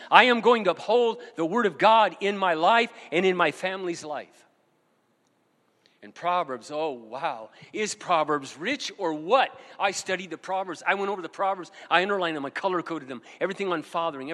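A man's voice: fairly high pitch, a bit bright. A middle-aged pastor preaching a sermon, earnest and emphatic, repeating his key phrases. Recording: long hall reverb.

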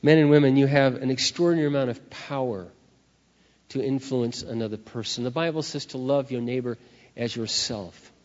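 Man, pastor, storytelling sermon, animated, acts out voices, muffled recording, long hall reverb. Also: medium pitch, moderate pace. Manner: animated, acts out dialogue, swings loud and soft.

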